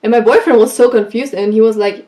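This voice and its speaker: A woman vlogger giving advice in a casual, animated way, telling stories from her school days and acting out what people said. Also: a little high, fast. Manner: animated, acts out quoted lines. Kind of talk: casual storytelling advice vlog.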